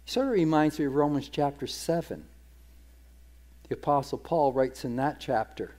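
A man with a slightly higher voice teaches from the Bible in a relaxed, conversational way. He retells scripture in plain everyday speech and often repeats words as he restarts a thought. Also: normal speed. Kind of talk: sermon-style Bible teaching.

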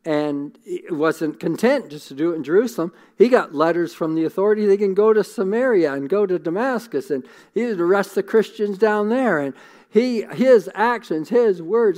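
A man's voice: sits high, darkish tone. A man preaching a sermon in an earnest, conversational way, often repeating words as he thinks. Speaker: pastor.

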